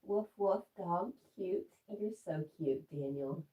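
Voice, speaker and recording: Woman, livestream host at home: low, unhurried voice, fond coaxing talk to her dog, roomy echo. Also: far from the mic, narrow, tinny audio. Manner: reads viewer comments aloud. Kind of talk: casual livestream chat. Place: at home indoors.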